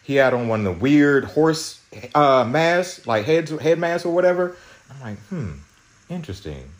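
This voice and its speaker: Agitated man ranting, lively pitch. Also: moderate pace. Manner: profane, agitated storytelling with many restarts. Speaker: podcast host. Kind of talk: angry personal rant.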